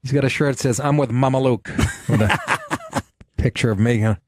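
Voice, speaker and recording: A man's voice: medium pitch, wildly swooping pitch, normal speed. A man hosting a casual comedy podcast, joking and incredulous as he chats with his guest. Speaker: podcast host.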